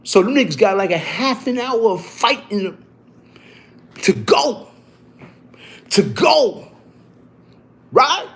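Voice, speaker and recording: High-pitched male storyteller, loose and profane, full of restarts. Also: slow, pauses often. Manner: animated, profane street talk with many restarts and repeats. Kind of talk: casual storytelling to camera.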